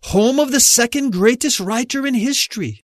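A confident German woman archaeologist, as a male narrator puts her on, speaking in a raised, brighter register. She is brisk and pointed, with a teasing edge. Dry, close audiobook sound. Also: extremely high pitch, dry recording, voice pushed up.

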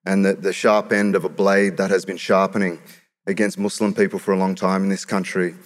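A man with an Australian accent performing spoken-word poetry on stage, with a rhythmic, punchy delivery that rises to shouts. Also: deep voice, flat delivery, a little fast. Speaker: performance poet. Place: stage in a large hall. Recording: reverberant hall with live audience.

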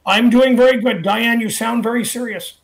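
A middle-aged man hosting a radio show, chatty and relaxed, slowly repeating numbers with plenty of fillers. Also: extremely high pitch, gravelly. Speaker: radio talk show host and dog trainer. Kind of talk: casual radio talk and promotion.

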